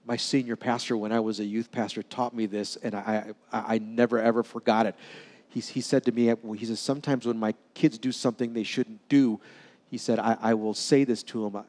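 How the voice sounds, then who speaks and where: A man preaching a sermon, telling stories and acting out dialogue, sometimes dropping to soft, quiet tones. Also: lowish voice, steady tone, brisk. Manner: storytelling, acts out dialogue with sudden drops to soft tones. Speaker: pastor. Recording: long hall reverb.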